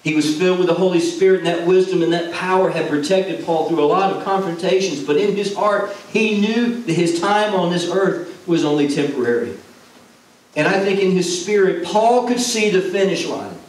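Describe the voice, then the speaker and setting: A man preaching a sermon as a former pastor, earnest and repeating phrases for emphasis. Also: high-pitched. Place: church sanctuary. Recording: echoey hall, from far off, faint noise.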